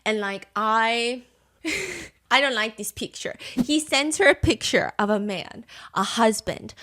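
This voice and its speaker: A young woman with a high, bright voice tells a story as a podcast host. She is animated and gossipy, and she drops swear words for emphasis in casual chat. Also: takes it slowly.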